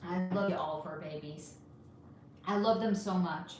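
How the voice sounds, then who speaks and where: A woman's voice: on the low side, a little slow, very noisy. A woman hosting a casual livestream, chatting animatedly and answering viewer comments one by one. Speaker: livestream host reading chat. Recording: echoey room.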